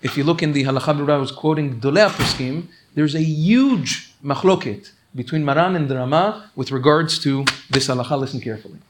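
A man teaching a religious law class who reads quoted texts in quick bursts, then explains them slowly and earnestly, often urging listeners to pay attention. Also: on the high side, background noise. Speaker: Torah teacher.

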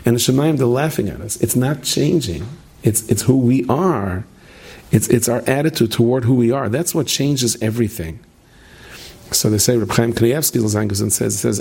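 A man gives a storytelling sermon in a dark, gravelly voice with a husky grain. He stumbles over repeated words and slips in dry humorous asides. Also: medium pitch, normal speed. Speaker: speaker giving a religious talk. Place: stage with plexiglass screen.

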